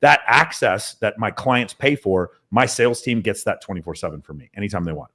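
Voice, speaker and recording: A man talking as a podcast guest about his sales team, in an emphatic, profane, rapid-fire way. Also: fairly low pitch, sharp tone. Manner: emphatic, profane, talks in long runs. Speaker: podcast guest, mentoring business owner. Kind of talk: casual podcast interview.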